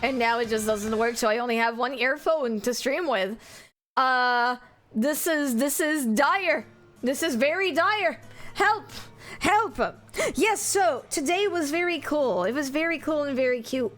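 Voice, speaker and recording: A high, bouncy woman's voice that swings all over her range as she chats through a live stream. She is a native French speaker, bubbly and excitable, and she greets viewers with squeals. Soft guitar music plays faintly underneath. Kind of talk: casual live-stream chat, reading chat aloud.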